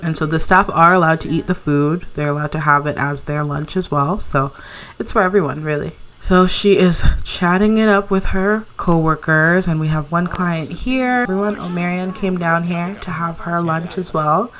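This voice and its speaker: A woman's voice: fairly low pitch, normal speed, a bit bright. A young woman narrating her life-sim gameplay in a chatty, giggly way, cheering on her character. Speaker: let's play narrator. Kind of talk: casual gameplay commentary.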